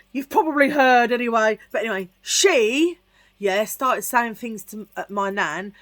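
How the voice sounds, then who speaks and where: A middle-aged vlogger from Tottenham with a London accent tells a rambling personal story full of asides in casual vlog chat. Her mid-range voice is brisk and fairly bright, with no room sound.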